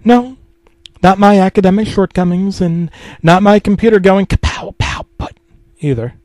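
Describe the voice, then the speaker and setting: A man's voice: high voice, normal speed, darkish tone, no echo. A man reading a comedic creepypasta in a mock-serious, self-deprecating tone, swearing freely. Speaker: narrator.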